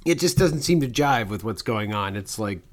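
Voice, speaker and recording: Animated podcast co-host. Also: male voice, on the low side, moderate pace. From Canada. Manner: animated, does comic impressions. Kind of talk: casual movie-review chat.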